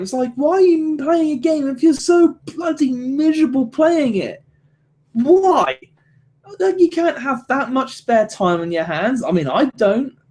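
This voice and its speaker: A man's voice: very high-pitched, darkish tone. A man hosting a solo podcast, rambling and swearing, with many restarts. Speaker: podcast host. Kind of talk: solo casual podcast rant.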